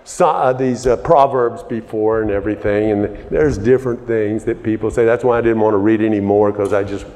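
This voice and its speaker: A man preaching a sermon, conversational at first and building to emphatic high points. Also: fairly even intonation, fairly quick, hardly any pauses, a little mellow. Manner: conversational, rising to emphatic peaks. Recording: long reverb of a large hall.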